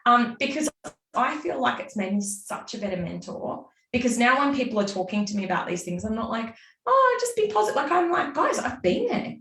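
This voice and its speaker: Brief: woman guest, lively and animated, fairly high voice, roomy far-off sound. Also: brisk. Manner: animated, acts out her own inner voice. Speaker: guest, business mentor. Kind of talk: casual interview chat. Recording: roomy sound from a distance off the mic.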